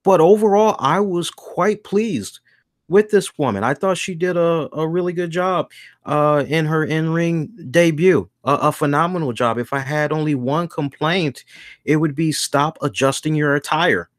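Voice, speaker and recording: A man hosting a wrestling review show in a casual chat, animated and acting out the voices he quotes. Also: fairly high pitch, a little slow, no echo, studio quality.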